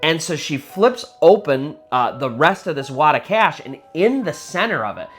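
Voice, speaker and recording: A man's voice: a little high, sing-song, moderate pace, fairly bright tone, soft background music. A man telling a spooky true story in a casual, conversational way, full of little fillers. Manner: conversational, many fillers like "kind of" and "sort of".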